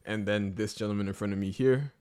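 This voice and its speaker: A man hosting a podcast, chatting casually with friends, laughing often and telling a story in a relaxed way. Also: on the low side, fast. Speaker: podcast host. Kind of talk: casual chat among friends.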